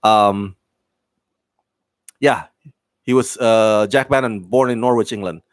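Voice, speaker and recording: A man's voice: on the low side, slow, no room sound. A man giving a casual spoken review of a TV show, enthusiastic and rambling, with many fillers, restarts and laughs.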